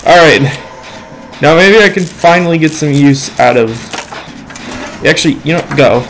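A teenage boy giving loose, excitable commentary while playing a game, yelling at teammates and mocking himself. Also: a little high, normal speed, a little hiss or hum, rough recording. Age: teens. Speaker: gamer. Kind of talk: let's play commentary. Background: game music.

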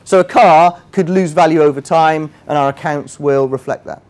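A man's voice: a little high, moderate pace, darkish tone. A man runs a friendly teaching session. He talks casually, keeps checking whether the room agrees, and pokes fun at himself as he explains. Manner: chatty, quizzes the audience, self-mocking asides. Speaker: finance workshop trainer. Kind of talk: interactive teaching. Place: workshop room with a live audience.

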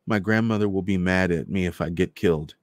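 A man's voice: low-pitched, fairly quick, no room sound, clean studio sound, natural voice. A man voicing a frightened young girl who pleads anxiously. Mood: quiet.

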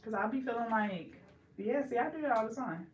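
A woman's voice: on the high side, animated, fairly quick. Playful woman vlogger in an echoey room. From Bay Area, California. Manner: giggly, playful, second-guessing herself. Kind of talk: casual chat. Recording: echoey room, faint background hiss.

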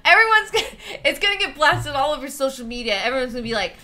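Giggly high-voiced woman streamer. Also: very animated, fast talker, pushed and bright. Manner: giggly, playful, laughs often. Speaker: livestreamer chatting with viewers. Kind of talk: casual livestream chat.

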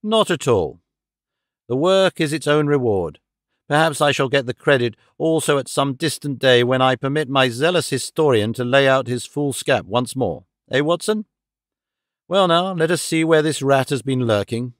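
A man doing a calm, amused master detective. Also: medium pitch, moderate pace, dry recording, studio quality, lightly acted. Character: calm, clever, theatrical male detective. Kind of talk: audiobook character reading.

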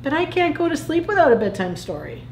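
A woman doing a high eager little plankton. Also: fast talker, reverberant, a little hiss or hum. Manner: pleading, excitable. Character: tiny eager young plankton.

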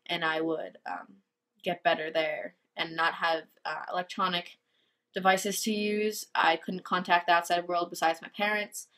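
A teenage girl telling a personal story in a confessional vlog, speaking hesitantly with many pauses and fillers. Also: fairly low pitch, level tone, a bit bright. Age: teens. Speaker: vlogger.

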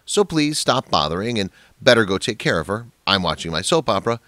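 A man's voice: on the low side, big pitch swings, a little fast, fairly bright tone, no echo. A man voicing a cruel, controlling adult daughter who scolds and dismisses her old father, in a storybook narration. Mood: scornful.

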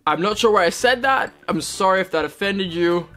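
Reading out comments on his equestrian vlog, a young man fires back with casual, self-deprecating sarcasm in a British-American accent. His high voice is sharp in tone, lively in intonation, and fairly quick, over soft background music.

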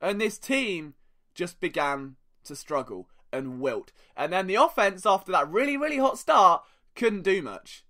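A man's voice: high-pitched, measured pace. A young man hosting a sports podcast, telling stories in a sarcastic, joking way. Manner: animated, sarcastic storytelling. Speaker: podcast host. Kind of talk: casual sports podcast monologue.

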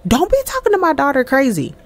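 A woman's voice: high-pitched, huge pitch swings, fast talker. A woman playing a fierce, scolding mother. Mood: indignant. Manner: indignant, scolding. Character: fierce protective mother, middle-aged woman.

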